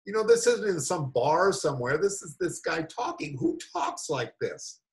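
Animated, incredulous male meditation teacher. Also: a little high, normal speed, rough recording. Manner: animated, incredulous, rambling asides. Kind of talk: reading and commentary on a spiritual talk.

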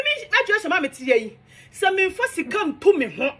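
A young woman with a Ghanaian accent rants in a high, bright voice. Her pitch leaps all over the place as she scolds with defiant emphasis. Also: very animated, normal speed. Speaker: social media commentator. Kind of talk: heated monologue rant.

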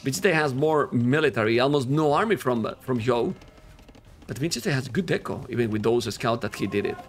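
Excitable male esports caster. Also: mid-range voice, brisk. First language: Spanish. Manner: excitable, animated casting voice, non-native grammar. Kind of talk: live game commentary.

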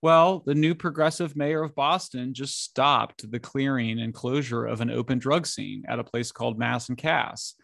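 A middle-aged man talking as an interview guest, animated and incredulous, speaking in bursts with frequent restarts. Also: mid-range voice, moderate pace, gravelly, hardly any pauses, no room sound, clean studio sound. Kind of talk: conversational interview.

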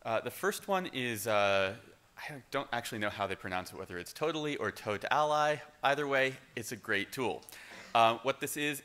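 A man's voice: lowish voice, pushed and bright, clean tone. A man giving a casual conference talk, with lots of um and uh and frequent restarts. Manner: casual, many fillers and restarts. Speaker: conference speaker. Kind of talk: conference presentation. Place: conference hall. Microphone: speaker microphone.

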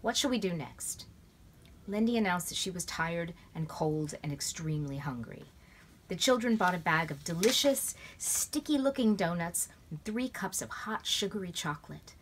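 Woman reading a children's book, low voice. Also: lively intonation, moderate pace, a little hiss or hum. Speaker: storybook reader. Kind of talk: reading a children's novel aloud. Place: at home in bed.

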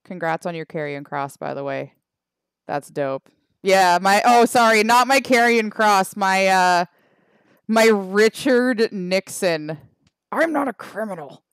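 A woman's voice: medium pitch, slow pace, clean tone, dry recording, studio quality. A Canadian woman streaming a mobile game, chatting casually and wryly with her chat, trailing off with fillers. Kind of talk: casual livestream chat reading the chat.

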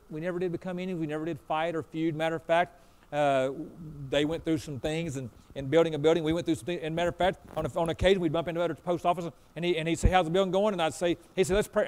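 A man preaching a sermon as pastor, telling a story in a folksy way and acting out both sides of a conversation. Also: fairly high pitch. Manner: folksy, repeats "I said" and "he said".

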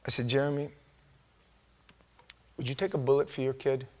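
A man preaching a sermon as pastor, telling stories in an animated way and acting out quoted voices with sudden loud outbursts. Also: mid-range voice, moderate pace. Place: church sanctuary.

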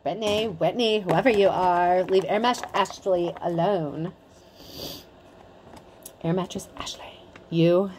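A woman's voice: on the low side, normal speed, few pauses, noisy background, natural voice. A woman voicing a snobbish, bratty teenage girl who scolds in a snotty tone. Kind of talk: tarot reading aside.

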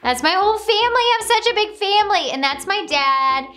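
A woman's voice: very high-pitched, animated, brisk, pushed and bright, faint music behind. A woman casually reacting to her own video, gushing and bubbly, often gasping and laughing.

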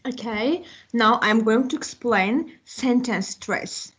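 A woman with an Azerbaijani accent, an English teacher slowly explaining a recorded lesson, with an occasional slip. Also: fairly high pitch, a bit bright, husky. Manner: slow, deliberate explaining with occasional slips.

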